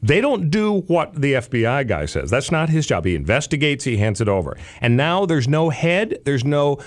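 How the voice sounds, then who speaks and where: A man's voice: medium pitch, sing-song, moderate pace. A man hosting a talk radio show, chatting in a rambling, wry way. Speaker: radio host.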